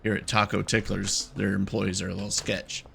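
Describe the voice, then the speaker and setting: A man's voice: on the low side, completely flat delivery, normal speed, creaky, fairly bright tone, slight background noise. A young man giving casual, jokey and nervous commentary while playing a game, talking to its characters. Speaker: gaming YouTuber.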